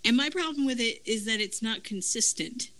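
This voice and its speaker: A woman hosts a casual review chat with a bright, forceful tone. She rambles and restarts her sentences as she goes, in a loose, conversational way. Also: on the high side, expressive, normal speed, rough recording. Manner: rambling, self-correcting, chatty. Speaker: podcast host.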